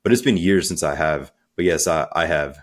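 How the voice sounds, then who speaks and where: A man speaking as a coach in a podcast interview, energetic and conversational, acting out little quotes as he talks. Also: very deep voice, normal speed. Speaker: guest, transformational coach.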